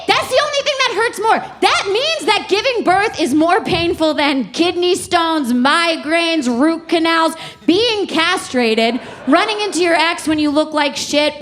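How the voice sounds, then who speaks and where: A young woman doing a stand-up set on a comedy club stage with a handheld mic, talking in a conversational, profane way and building up to shouted punchlines. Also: extremely high pitch, slight background noise. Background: audience laughter.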